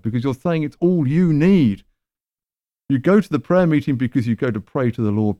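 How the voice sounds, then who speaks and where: A man's voice: mid-range voice, dark tone, dry recording, highs cut off. A man preaching a sermon in a conversational, emphatic way, with rhetorical questions.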